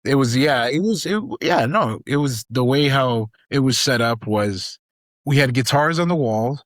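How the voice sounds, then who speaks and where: A young man from Southern California, a guest actor and comedian telling a story on a podcast in a casual, profane, animated way. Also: mid-range voice, normal speed, no echo. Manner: animated, profane, acts out quoted lines.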